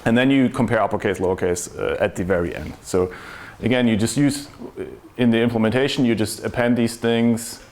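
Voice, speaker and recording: A man's voice: medium pitch, fairly quick, darkish tone. A man giving a technical conference talk to a room, explaining step by step and asking rhetorical questions. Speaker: conference speaker.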